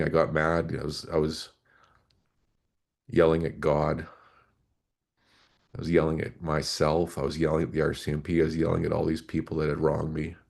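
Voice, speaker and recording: A man's voice: a bass voice, creaky, darkish tone. A man in his forties, a former police officer, earnestly recounting an emotional personal story as a podcast guest.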